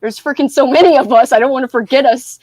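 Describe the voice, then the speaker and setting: High-voiced giggly young woman hosting a livestream, scattered and bubbly, dry close sound. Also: quick pace, darkish tone, no echo. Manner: bubbly, giggly, scattered, greets chat by name. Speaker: livestream host. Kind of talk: casual group livestream chat.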